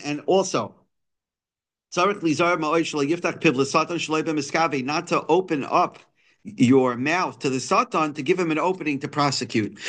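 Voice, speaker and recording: Man teaching a Torah text. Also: on the high side. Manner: explains Hebrew quotes in English, many restarts and fillers. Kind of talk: daily text lesson.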